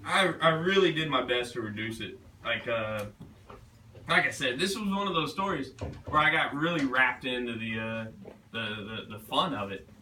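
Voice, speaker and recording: A man, the author, answering questions at a bookstore reading, halting and restarting often and laughing easily. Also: medium pitch, pushed and bright, slight background noise. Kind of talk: casual Q&A at a book reading. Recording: roomy distant live recording.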